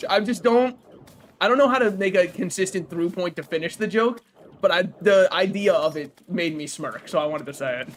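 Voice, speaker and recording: A man's voice: high voice, normal speed, fairly bright tone, a little hiss or hum. A young man streaming a game, joking and rambling casually and laughing at his own jokes. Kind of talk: casual gaming stream chat.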